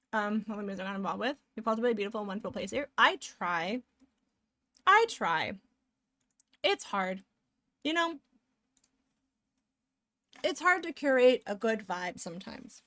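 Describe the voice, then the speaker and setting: A woman's voice: medium pitch, fairly bright tone, no echo. Woman, young adult, live streamer, rambling casual chat, eating on stream, dry sound. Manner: rambling and chatty, eating between sentences.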